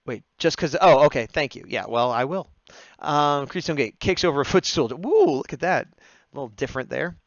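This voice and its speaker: An artist taking drawing requests on a livestream talks casually to viewers and narrates as he draws, often cracking himself up. His fairly high voice has lively intonation and a normal speed with hardly any pauses. There's no echo, though the lo-fi audio is dull.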